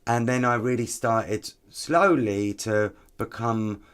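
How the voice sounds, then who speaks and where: A man, a podcast guest and activist, telling stories in an animated, chatty way with frequent ums. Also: mid-range voice, slow pace, clean tone. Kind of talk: conversational podcast interview.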